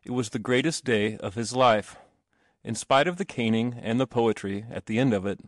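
A man reading a classic story aloud with expressive narration. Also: medium pitch, normal speed, dry recording, studio quality.

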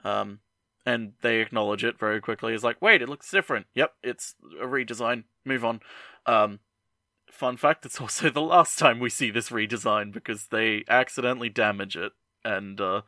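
A man's voice: fairly low pitch, fairly even intonation, normal speed, pushed and bright, no echo. A man co-hosting a podcast, chatting casually with fillers and sharing behind-the-scenes fun facts. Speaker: podcast co-host. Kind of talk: casual chat with trivia.

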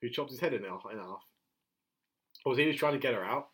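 A man in casual podcast banter, swearing and teasing with quick interjections. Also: mid-range voice, expressive, a bit bright.

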